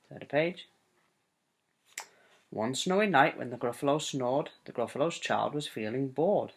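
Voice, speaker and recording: Gentle dad reading a bedtime story. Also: male voice, mid-range voice, a little slow, pauses often, husky. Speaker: father reading to his child.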